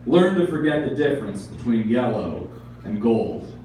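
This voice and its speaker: A man's voice: medium pitch, lively intonation, moderate pace, dark tone, a little hiss or hum. A man reading his poems at a live event, wry, with joking asides. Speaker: poet. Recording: echoey room, mic far off.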